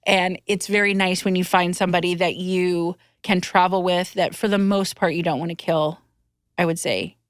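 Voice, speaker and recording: A woman's voice: fairly low pitch, normal speed, smooth, no echo, studio quality. A middle-aged woman hosting a podcast, swearing freely as she tells travel stories in casual chat, full of fillers. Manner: profane, animated storytelling with lots of fillers. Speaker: podcast host.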